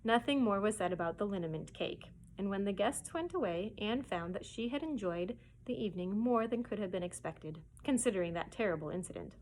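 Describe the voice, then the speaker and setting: A woman librarian reading a children's chapter book aloud in a gentle storytelling manner. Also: mid-range voice, expressive, a little fast, few pauses, a little hiss or hum, poor audio. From United States.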